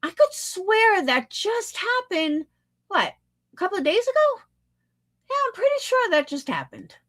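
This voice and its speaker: Lively, blunt woman streamer. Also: very high-pitched, a little slow. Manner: blunt, sarcastic, profane. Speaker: livestream host. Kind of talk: casual livestream commentary.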